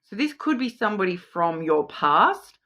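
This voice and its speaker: A woman's voice: medium pitch, sing-song, normal speed, a bit bright. A woman giving a casual intuitive card reading, chatty and rambling, often repeating her words. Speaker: tarot and oracle card reader.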